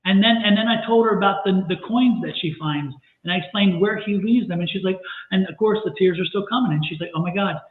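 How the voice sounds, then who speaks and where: A woman's voice: medium pitch, quick pace. A woman working as a psychic medium talks animatedly on a livestream, often circling back and repeating herself. Her voice comes through a narrow, tinny line, with a hollow, echoey room around it. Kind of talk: livestream chat. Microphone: video call. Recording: tinny echoey call audio.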